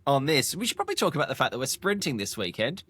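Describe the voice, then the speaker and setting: An excitable male podcast co-host in casual chat, with a jokey, lively banter manner. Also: mid-range voice, quick pace, husky, dry recording.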